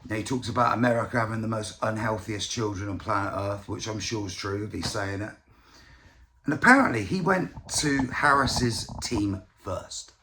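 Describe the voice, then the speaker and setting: A man's voice: fairly low pitch, moderate pace, a crowd in the background. A man from the UK giving casual, profane, rambling political commentary as a vlogger. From United Kingdom.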